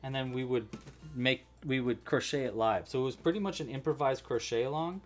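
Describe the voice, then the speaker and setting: A man's voice: medium pitch, a little fast, soft background music. A man hosting a casual crochet-along livestream, chatty and thinking aloud as he works.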